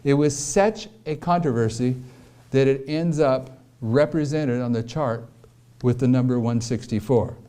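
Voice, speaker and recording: Man teaching prophecy, mellow voice. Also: medium pitch, measured pace. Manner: explains with repeated questions and emphasis. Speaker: preacher. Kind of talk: prophecy lecture.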